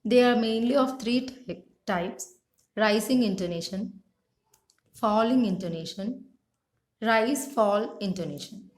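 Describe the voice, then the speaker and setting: A woman teaching English pronunciation and intonation, pronouncing each word slowly and carefully. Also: on the high side. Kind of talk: slow instructional reading of vocabulary. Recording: echoey room.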